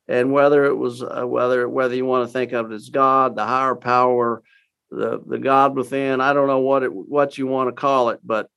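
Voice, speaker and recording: An older man from Texas, a guest in an interview, telling his story in a folksy, halting way with many fillers and restarts. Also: mid-range voice, a bit bright.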